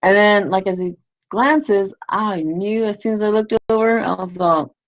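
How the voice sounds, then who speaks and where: A woman's voice: medium pitch, unhurried. A woman telling a story casually on a livestream, rambling and peppering it with "you know", "like" and the odd swear. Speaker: livestream host. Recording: lo-fi livestream audio.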